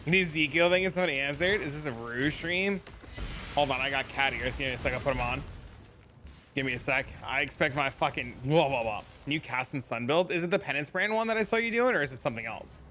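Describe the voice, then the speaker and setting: A man's voice: fairly high pitch, a little fast, a little hiss or hum. A man in his thirties streaming a video game, chatting casually with viewers and swearing freely. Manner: animated, profane, chatty with viewers. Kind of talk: casual gaming livestream chat.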